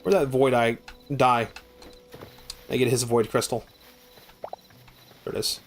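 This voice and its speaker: A man streaming a game live, swearing often and shouting at monsters, with dry joking asides in between. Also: medium pitch, little pitch movement, unhurried, faint music behind. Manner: exasperated, swears a lot, yells at game monsters. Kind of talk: live gameplay commentary.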